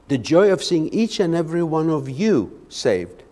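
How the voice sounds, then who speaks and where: A lay preacher gives an impassioned Sunday evening sermon in a church sanctuary whose hall echoes around him, frequently saying things twice. His warm, fairly high voice has a sing-song quality, moving unhurriedly yet with few pauses.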